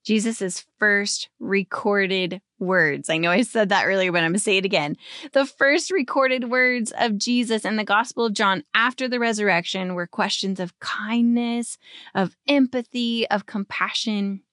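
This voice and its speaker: A woman in her thirties hosting a devotional podcast, teaching scripture with earnest, expressive storytelling that slows and softens on tender points. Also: mid-range voice, no room sound, studio quality. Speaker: podcast host.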